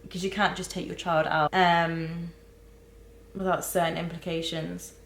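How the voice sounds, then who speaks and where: A young woman recording a candid personal vlog, talking haltingly with many restarts and close to tears. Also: fairly low pitch, flat delivery, fairly bright tone, roomy sound, slight background noise, poor audio. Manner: halting, searching for words, many fillers and restarts. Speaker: vlogger.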